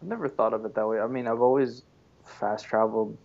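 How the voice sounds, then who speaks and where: A man's voice: fairly low pitch, fairly quick, creaky, darkish tone. A man co-hosting a podcast, chiming in with dry joking asides in casual chat. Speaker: podcast co-host. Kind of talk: casual chat about games. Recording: dull lo-fi podcast audio.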